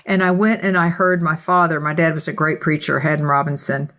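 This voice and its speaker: A woman co-hosting a discussion podcast, telling a personal story in a thoughtful, measured way. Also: low voice, level tone, a bit bright. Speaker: podcast co-host. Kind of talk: casual discussion.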